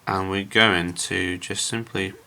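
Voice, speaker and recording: Chatty guy talking through a model build, kinda low voice, rambly, says um a lot. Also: fairly even intonation, slow pace, bright, forceful tone. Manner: chatty, rambling with frequent "um", addresses viewers as guys. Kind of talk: casual build vlog narration.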